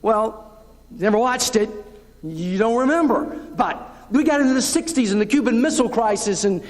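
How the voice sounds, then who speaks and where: A man's voice: sits high, normal speed. A man with a Southern US accent preaching a conversational sermon as pastor, acting out the voices of churchgoers. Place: church sanctuary. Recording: long reverb of a church hall, local TV broadcast.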